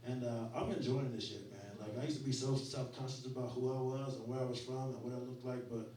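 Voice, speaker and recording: A man's voice: mid-range voice, steady tone, quick pace, warm tone, slight background noise. A man in his forties telling stories in a loose, profane, conversational way during a stand-up set at a small venue. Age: 40s. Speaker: stand-up comedian. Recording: roomy club sound, mic at a distance.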